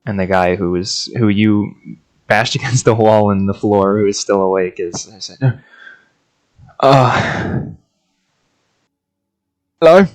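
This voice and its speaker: A man narrating as game master of a tabletop game, relaxed and laughing often. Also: fairly low pitch, normal speed, low-quality recording.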